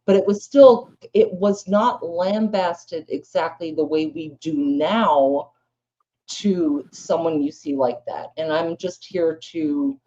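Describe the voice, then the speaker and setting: A woman with a lowish, mellow voice talks bluntly on a live panel, swearing freely as she rambles through a story. The recording sounds a little dull and lo-fi. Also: slight background noise. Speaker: panel speaker. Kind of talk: casual panel chat. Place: live panel room with audience.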